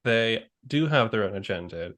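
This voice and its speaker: A man's voice: on the low side, expressive, moderate pace, a bit bright. Thoughtful man host chatting history. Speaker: podcast host. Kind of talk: casual history discussion.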